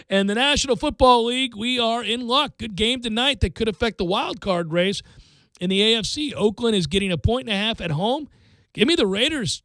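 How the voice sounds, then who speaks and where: A man hosting a sports radio show, giving betting picks in a joking, animated way. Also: high voice, dry recording. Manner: animated, jokey, breaks into mock singing.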